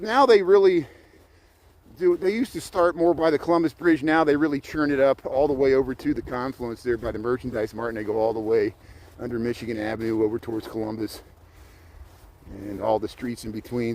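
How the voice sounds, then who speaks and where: A man's voice: mid-range voice, a little mellow, slight background noise. An American man rambling casually while he livestreams a walk outdoors through city streets, talking to his viewers as he goes. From United States. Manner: chatty, digressive, talks while walking.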